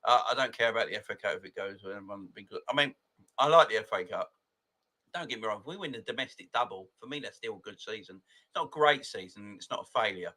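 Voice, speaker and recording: A man's voice: on the low side, fast talker, sharp tone. A man, hosting a casual live fan chat, greeting viewers by name and laughing often. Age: 40s. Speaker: football fan channel host.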